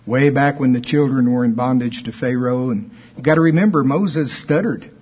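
A man's voice: mid-range voice, normal speed, husky. A man teaching from the Bible in a sermon, explaining verses conversationally with asides. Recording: dull lo-fi recording.

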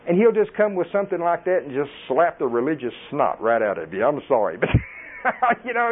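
A middle-aged man, preaching a folksy, animated sermon and laughing often. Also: fairly high pitch, a little fast. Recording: tinny phone-like audio.

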